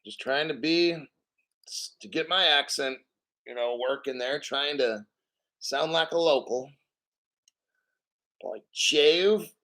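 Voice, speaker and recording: A man hosting a casual livestream, reading out donations and ranting bluntly with lots of swearing and frequent throat clearing. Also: a little high, takes it slowly, pauses often, pushed and bright. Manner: blunt, profane, combative. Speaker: crypto livestream host.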